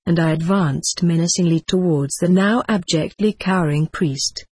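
A reader narrating an old-fashioned first-person novel in a measured way for an audiobook. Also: medium pitch, darkish tone, breathy edge, dry recording. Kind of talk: audiobook reading.

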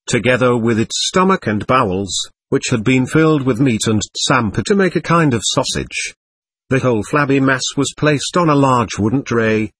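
A man reading a first-person travel memoir aloud as an audiobook narrator, in a measured, even storytelling manner. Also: medium pitch, husky, no echo, low-quality recording.

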